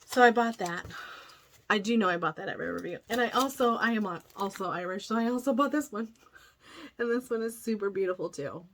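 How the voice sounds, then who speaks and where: A woman's voice: mid-range voice, brisk, a little hiss or hum. A middle-aged woman chatting casually as a cross-stitch vlogger, enthusiastic and full of self-corrections. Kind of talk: casual chat showing a haul.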